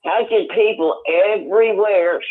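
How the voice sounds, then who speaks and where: An older man calling in on the phone, talking in a rambling, halting way with many restarts. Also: high voice. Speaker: caller. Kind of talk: casual phone chat. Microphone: telephone. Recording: tinny phone line.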